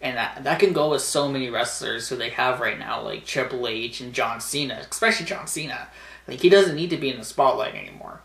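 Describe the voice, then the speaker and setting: A man's voice: medium pitch, fairly quick, vocal fry, fairly bright tone. A young man casually recapping a wrestling show, rambling, laughing often and acting out the wrestlers' lines. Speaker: wrestling vlogger. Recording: echoey room.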